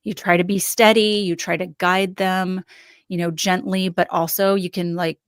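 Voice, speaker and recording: Low-voiced woman, thoughtful guest. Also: flat delivery, moderate pace, no room sound, clean studio sound. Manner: thoughtful, analytical, many fillers. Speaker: podcast guest. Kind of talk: casual conversation.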